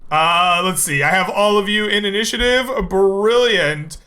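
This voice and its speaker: Bright-voiced, unhurried male game master. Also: high-pitched. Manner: unhurried descriptive narration with frequent fillers. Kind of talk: narrating a tabletop game.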